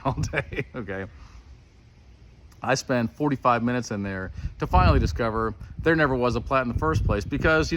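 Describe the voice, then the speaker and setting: A man vents in a casual, exasperated storytelling rant. He keeps slipping into quick back-and-forth reenactments of what officials told him. A faint hum of background noise sits under his voice. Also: fairly low pitch, fairly bright tone. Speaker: builder venting about permits.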